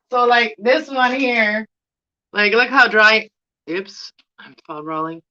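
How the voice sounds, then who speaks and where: A woman's voice: on the high side, expressive, extremely slow, long pauses, sharp tone, muffled recording. A middle-aged Canadian woman with a Canadian accent, chatting casually to camera in a rambling, giggly way. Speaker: plant vlogger.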